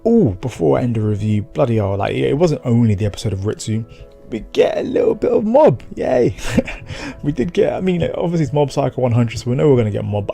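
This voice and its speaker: A man with a low, gravelly, mellow voice chats through an anime episode recap. He rambles, swears casually and acts out short lines of dialogue. Soft music plays faintly under him. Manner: rambling, slangy, with quick acted-out quotes and swearing. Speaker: anime reviewer.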